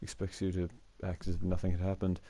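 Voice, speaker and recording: A man's voice: low voice, completely flat delivery, fast talker, dark tone. A young man hosting his own show, telling rambling school stories to the camera with many fillers and chuckles. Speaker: student storyteller, show host. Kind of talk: casual storytelling to camera. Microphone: mic that cuts out.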